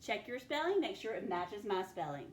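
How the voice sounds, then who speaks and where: A woman's voice: medium pitch, very animated. A woman teacher leading a phonics spelling lesson for children, sounding out each word patiently. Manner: slow, patient, sounds words out. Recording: echoey room, faint background noise.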